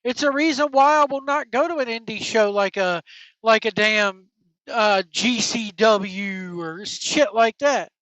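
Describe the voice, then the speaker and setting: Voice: mid-range voice, measured pace, fairly bright tone, no room sound. A wrestling podcast host on an angry, profane opinion rant, blunt and heated. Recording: dull lo-fi dry recording.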